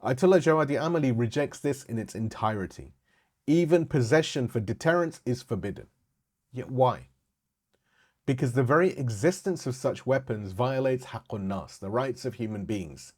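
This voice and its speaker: Measured man giving a religious lecture. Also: medium pitch, expressive, darkish tone, slightly rough. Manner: measured, rhetorical, stressing key phrases.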